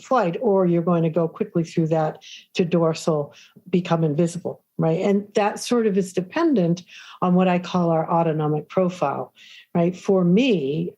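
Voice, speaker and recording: Mellow, husky-voiced woman explaining calmly. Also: fairly low pitch. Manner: calm, explanatory, often checks in with "right?". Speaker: guest expert on the nervous system. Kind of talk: podcast interview.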